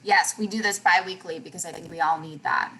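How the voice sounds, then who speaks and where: A woman's voice: fairly low pitch, fairly even intonation, fairly quick, bright, forceful tone, breathy edge, low-quality recording. A woman hosting a group video call, welcoming people in a joking, easygoing way. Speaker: meeting host.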